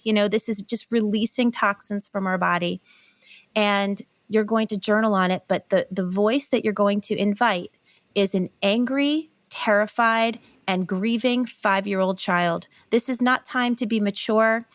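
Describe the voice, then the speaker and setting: A woman guest on a podcast, explaining a healing method in an earnest, animated way. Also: mid-range voice, normal speed, dry recording. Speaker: guest, pain recovery author. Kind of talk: podcast interview.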